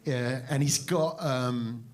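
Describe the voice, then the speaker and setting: A man doing live stand-up on a stage before an audience. He tells a story in a halting, mock-serious, self-deprecating way, full of fillers and restarts, and banters with the crowd. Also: medium pitch. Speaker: stand-up comedian.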